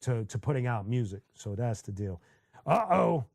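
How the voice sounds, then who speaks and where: A man's voice: medium pitch, normal speed, creaky, no echo, clean studio sound. A man hosting a casual live stream, chatting loosely and telling stories, breaking into sung snippets and laughter. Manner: animated storyteller who sings snippets and laughs often. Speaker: host.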